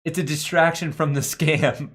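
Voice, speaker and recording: A man's voice: fairly high pitch, fairly even intonation, a little slow, fairly bright tone. A young man hosting a casual stock market live stream, reading his chat aloud and joking around with slangy banter and frequent laughs. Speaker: stock market livestream host.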